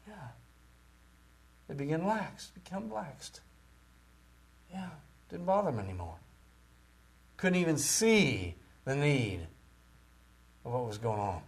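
A man preaching a sermon with great passion, rising to loud cries and dropping to near-whispers. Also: on the high side, sing-song, slow pace, long pauses. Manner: impassioned, swings from shouting to near-whispers.

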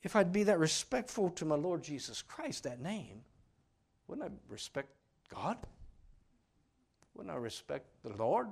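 Animated preacher man, loud then hushed. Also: a little high, a little slow, vocal fry, long pauses, breathy edge. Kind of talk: sermon.

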